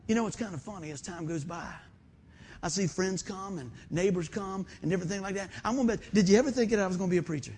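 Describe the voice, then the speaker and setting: A man preaching a sermon, telling stories in an animated way and often calling out "man" and "amen" to the congregation. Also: high-pitched, quick pace, slight background noise.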